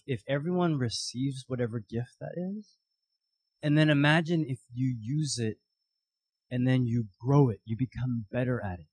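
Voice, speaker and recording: A man preaching a sermon, telling a story with lively, animated voices for its characters. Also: medium pitch, slightly rough, dry recording. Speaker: pastor.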